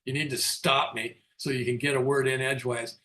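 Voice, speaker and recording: An older man leads a recovery book study, telling his own story frankly and mocking himself with frequent chuckles. His mid-range voice is level in tone, fairly quick and sharp, in a candid storytelling talk.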